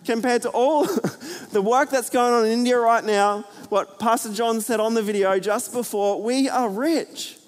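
Aussie pastor guy, fairly high voice, casual joking sermon, hall echo. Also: a little slow, hardly any pauses. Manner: energetic, conversational with many fillers and jokes. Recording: hall reverb.

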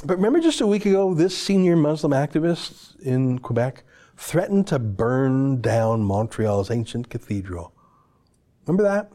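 Sarcastic, lively-voiced male commentary host. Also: on the high side. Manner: sarcastic, emphatic, heated. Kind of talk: opinion commentary monologue.

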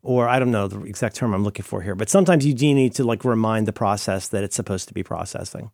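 A man's voice: fairly low pitch, fast talker, creaky, a little mellow, dry recording, studio quality. A man co-hosting a podcast in casual chat, dropping wry jokes and asides. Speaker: podcast co-host.

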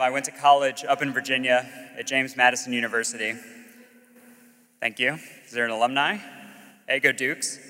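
On stage, a young school chaplain from the Alabama Gulf Coast shares a personal story, candid and self-mocking, with frequent "uh" fillers. His medium-pitched voice is bright and forceful, trailing a long reverb.

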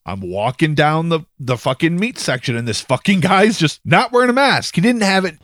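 A man's voice: fairly high pitch, moderate pace. A man co-hosting a casual remote podcast, ranting with lots of swearing and laughter. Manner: profane, animated ranting with laughs. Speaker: podcast co-host. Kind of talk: casual chat.

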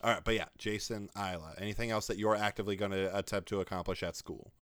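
A man's voice: lowish voice, steady tone, quick pace, a bit bright, no echo, studio quality. A man running a tabletop role-playing game as game master, chatty and enthusiastic.

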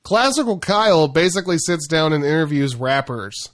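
A man's voice: fairly high pitch, normal speed, a bit bright. A man co-hosting a podcast in casual chat, rambling and chuckling, with lots of fillers and restarts. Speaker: podcast co-host.

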